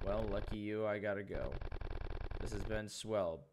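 A man's voice: lowish voice, normal speed, lightly acted. A man voicing a curt, sarcastic male friend called in the middle of the night. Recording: clear background noise.

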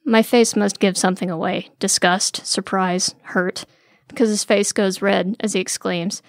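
A woman's voice: mid-range voice, steady tone, normal speed, dry recording, studio quality. Wry woman narrating a story. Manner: wry, weary, sardonic. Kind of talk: first-person story narration.

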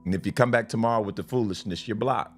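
A man's voice: on the low side, quick pace, slightly rough, faint music behind. A man preaching and reading scripture on a live stream, fervent, repeating and restarting lines.

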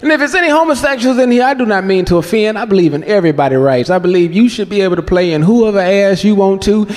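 A man performing a stand-up comedy set, telling profane, animated stories on a club stage before a live audience. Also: high-pitched, quick pace, few pauses. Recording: live club recording with echo, audience laughter and noise.

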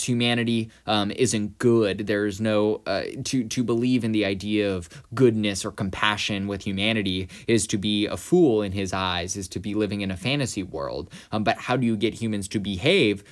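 Guy with a lowish voice going through a book chapter, lots of um and uh, talks to you like guys. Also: normal speed, hardly any pauses. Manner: thinks aloud with many fillers, addresses viewers as guys. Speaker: literature analyst. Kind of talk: close-reading lesson.

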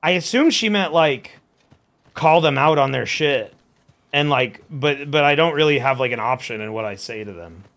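A man's voice: mid-range voice, lively intonation, moderate pace, a bit bright. A young man hosting a let's-play, chatting casually in a joking, bemused way with some swearing. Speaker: host playing a video game.

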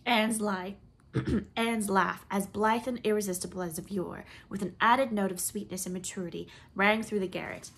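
A woman reading a classic novel aloud, with an expressive, lilting delivery and swelling emphasis. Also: medium pitch, normal speed, vocal fry, husky. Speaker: audiobook reader.

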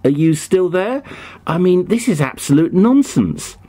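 Male prank caller with a shaky put-on American accent, hesitant and full of ums, pitch jumping around. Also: lively intonation, a little slow, warm tone. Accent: put-on American, poorly done. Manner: hesitant, full of ums and stammers, mock-innocent. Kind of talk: prank phone call.

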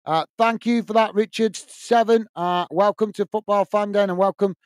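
A man's voice: high voice, steady tone, moderate pace. Chatty man hosting a watch-along. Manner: chatty, many fillers and restarts, calls viewers mate. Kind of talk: live match commentary and chat reading viewer comments.

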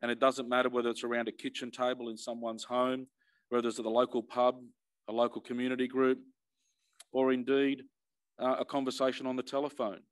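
A man's voice: medium pitch, completely flat delivery, fairly quick. A middle-aged man with an Australian accent, an emergency services commissioner giving an earnest personal address, emphatic and often repeating words as he restarts.

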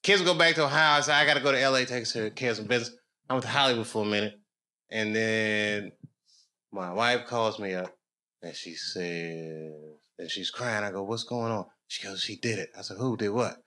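A man doing loose stand-up storytelling on a comedy club stage. He rambles, dropping to low mutters and then rising into loud, excited bursts. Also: moderate pace. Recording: noisy live club recording.

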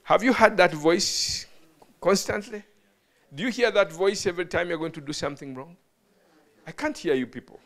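A bishop with a high, fairly bright voice preaches a teaching sermon to a live audience in a hall. He speaks at normal speed but pauses often, frequently calls questions out to his listeners, and stumbles over words.

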